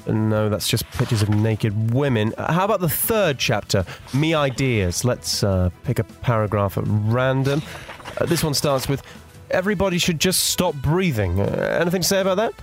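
Dry deadpan comedy host. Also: male voice, medium pitch, moderate pace, soft background music. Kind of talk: scripted comedy news interview.

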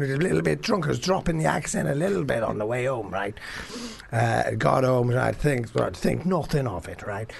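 Laughing, animated male comedy podcaster. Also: mid-range voice, creaky, husky. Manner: laughs often, swears, animated storytelling. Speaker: podcast co-host. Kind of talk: casual chat.

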